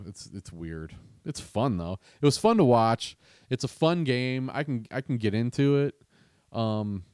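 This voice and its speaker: Rambling low-voiced man hosting a podcast. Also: clear, resonant tone, no echo, studio quality. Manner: rambling, self-interrupting, chatty. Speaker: podcast host. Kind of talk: casual podcast monologue.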